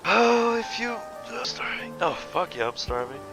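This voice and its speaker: A man doing let's play commentary, jokey and excitable, swearing freely while reading game text aloud. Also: sits high, measured pace, creaky, over loud music, low-quality recording. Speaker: gaming streamer.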